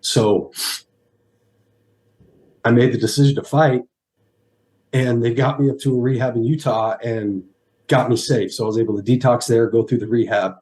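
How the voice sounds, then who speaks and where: A man in his thirties, a guest on an interview show, telling a personal story in an earnest, halting way and near tears. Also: medium pitch, fairly even intonation, a little mellow. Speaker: guest, former pro football player.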